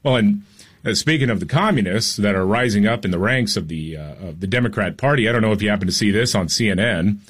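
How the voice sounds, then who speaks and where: A man's voice: on the low side, animated, breathy edge. A man co-hosting a talk radio show, giving heated, sarcastic political commentary. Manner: heated, sarcastic, quick to mock. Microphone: studio microphone.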